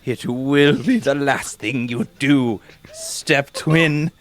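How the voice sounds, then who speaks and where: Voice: slow, natural voice. Zelani, a player growling as a menacing step twin. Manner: low, solemn and threatening.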